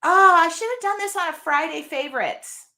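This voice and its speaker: A woman's voice: very high-pitched, animated, normal speed, bright, forceful tone. A woman hosting a casual live unboxing from her art studio, chatty and rambling as she reads out viewer comments. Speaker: craft video host.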